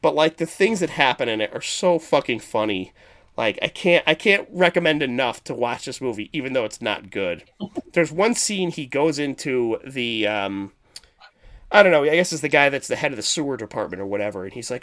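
A man co-hosting a podcast in casual chat, rambling and animated as he retells movie scenes. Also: mid-range voice, a little fast. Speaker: podcast co-host.

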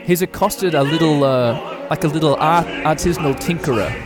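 A man giving rambling, excitable live reaction commentary with lots of fillers. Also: on the high side, moderate pace. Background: opera music.

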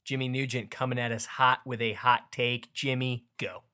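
A man's voice: medium pitch, steady tone, normal speed, pushed and bright, clean tone. Upbeat young man hosting a sports podcast. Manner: upbeat, joking, hype-style show intros. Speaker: podcast host. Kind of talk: casual sports podcast chat.

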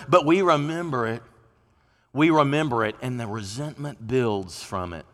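A man delivers a sermon in a folksy, conversational manner, now and then acting out the voices of people he quotes. His voice sits a bit high for a man. A long reverb from the church hall trails behind his words. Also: fairly bright tone. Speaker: preacher. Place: church sanctuary.

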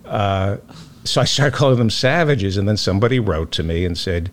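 Animated, sardonic male talk host. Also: fairly low pitch, moderate pace, a little hiss or hum. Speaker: podcast host. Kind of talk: casual talk show chat.

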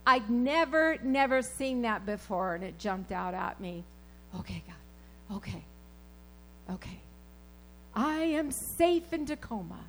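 A woman preaching a sermon, telling personal stories in an animated, emphatic way and repeating her key phrases. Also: on the high side, a little slow, hardly any pauses, slight background noise, low-quality recording.

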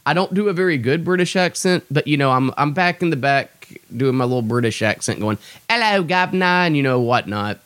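A man's voice: mid-range voice, fairly quick, few pauses, a bit bright, no echo. A young man hosting a podcast, a stand-up comic ranting in a profane, exasperated, self-deprecating way. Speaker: stand-up comedian and podcast host. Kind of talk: ranting casual monologue.

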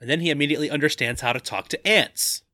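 A man co-hosting a casual podcast, recapping the plot quickly and laughing often. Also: fairly high pitch, bright, forceful tone, no room sound, studio quality.

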